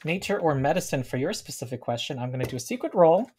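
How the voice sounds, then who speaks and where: A man's voice: on the high side, expressive, darkish tone, slight background noise. Easygoing man running a tabletop game. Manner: easygoing, explains rules, reads scene descriptions slowly. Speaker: game master.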